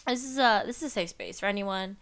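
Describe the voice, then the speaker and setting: A woman's voice: mid-range voice, quick pace, fairly bright tone. Giggly chatty woman in her twenties. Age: 20s. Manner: giggly, chatty, trails off mid-sentence. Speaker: podcast co-host. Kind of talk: casual chat.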